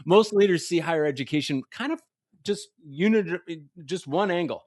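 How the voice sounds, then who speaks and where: A man's voice: on the high side, lively intonation, moderate pace, a little mellow, no echo, clean studio sound. A man hosting a podcast interview, asking questions in an enthusiastic and affirming way. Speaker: podcast host.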